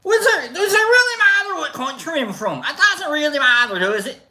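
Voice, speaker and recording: A man putting on a nervous foreign guy trying hard to pass with an American accent, rambling in a high voice. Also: sing-song, fast talker, sharp tone, echoey room, exaggerated voice. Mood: flustered.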